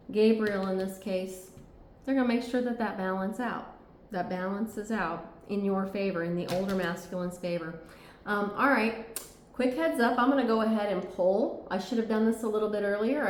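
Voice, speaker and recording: A woman's voice: mid-range voice, slight background noise. A woman giving a tarot reading, talking earnestly and reassuringly and often checking in with "okay?". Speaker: tarot reader. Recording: echoey room.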